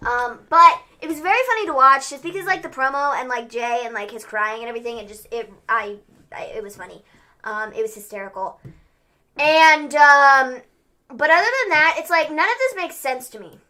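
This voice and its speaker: A young woman co-hosting a casual wrestling review stream, animated and acting out quotes. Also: high voice, moderate pace. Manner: animated, acts out quotes in exaggerated voices. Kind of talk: casual recap chat.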